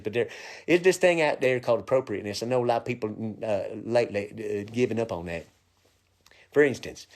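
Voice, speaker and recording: Male comic on a live stream; rambling, raunchy, offhand chat. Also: mid-range voice. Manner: bawdy, joking, loose and chatty with many fillers; slips into quick funny voices for quoted people. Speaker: comedian hosting a live stream.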